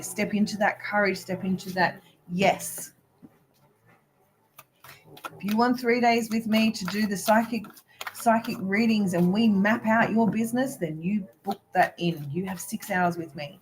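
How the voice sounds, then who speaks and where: A woman's voice: medium pitch, fairly even intonation, normal speed, a little hiss or hum, rough recording. A woman who is a spiritual business coach, giving a live video reading in an emphatic, preachy way. She keeps asking "right?", giggles often and swears now and then.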